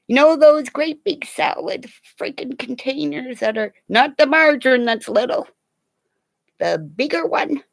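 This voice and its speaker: Animated older woman telling stories. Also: high-pitched, creaky. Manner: animated, laughing, swearing storyteller. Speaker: vlogger. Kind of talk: casual storytelling.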